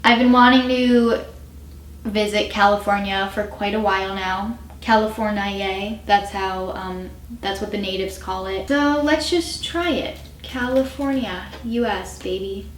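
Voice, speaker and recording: A woman's voice: medium pitch, steady tone, measured pace, slight background noise. A woman in her twenties vlogging in a chatty, self-mocking way and swearing freely. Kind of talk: casual chat to camera. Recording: roomy echo.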